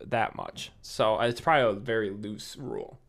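A man's voice: lowish voice, sing-song, moderate pace, creaky, a bit bright. Rambling young-sounding podcast guy. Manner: rambling, filler-heavy, reads rules aloud. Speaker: podcast co-host. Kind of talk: casual chat.

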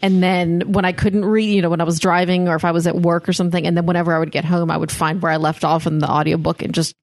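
A woman's voice: fairly low pitch, flat delivery, fast talker, darkish tone, no echo, studio quality. A woman co-hosting a podcast in casual chat, rambling with lots of fillers. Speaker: podcast co-host.

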